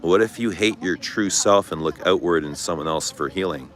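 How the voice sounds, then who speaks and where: Middle-aged man, very low voice, candid confessional livestream host. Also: normal speed, fairly bright tone. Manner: candid, confessional, swears casually. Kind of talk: casual livestream chat reading comments. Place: outdoors. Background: traffic noise.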